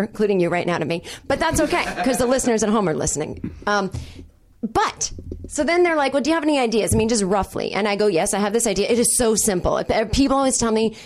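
Animated woman comic in her forties. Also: on the high side. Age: 40s. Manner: animated storyteller, acts out quoted exchanges, wry and self-deprecating. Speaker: comedian guest. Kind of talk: casual podcast chat.

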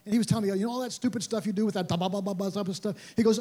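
A man's voice: high voice, fairly even intonation, very fast, warm tone. An older man, a pastor, telling an earnest and emotional story as a sermon testimony, often repeating words.

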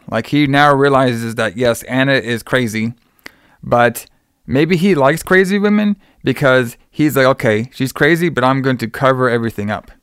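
A man loosely recounts a film's plot in a casual chat, leaning on fillers and quoting characters as he goes. His voice is smooth and resonant, at an ordinary pitch. The recording is dry and close, with no room sound. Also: fairly bright tone, no room sound. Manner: loose, filler-heavy retelling with quoted lines.

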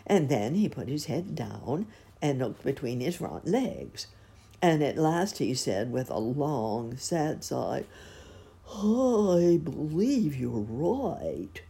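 A woman slowly reading a classic children's book aloud in a gentle storytelling way. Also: extremely low pitch, animated, creaky, husky. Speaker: storybook reader.

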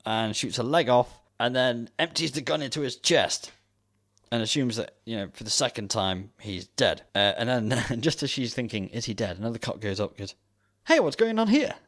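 A man's voice: medium pitch, normal speed, a bit bright. A man co-hosting a podcast, casually retelling a film plot and joking around. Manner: jokey, breaks into silly impressions. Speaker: podcast co-host.

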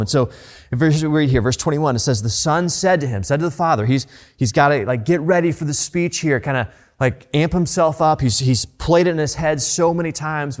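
A man preaching a sermon in a conversational tone, telling the story in a lively way. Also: medium pitch. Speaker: pastor.

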